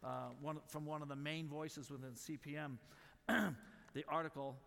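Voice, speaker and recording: A man's voice: on the high side, steady tone, gravelly, fairly bright tone. Emphatic middle-aged man in a reverberant hall. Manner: emphatic, repeats word lists, apologizes for rushing. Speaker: missionary speaker. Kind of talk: conference teaching talk. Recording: long reverb of a large hall.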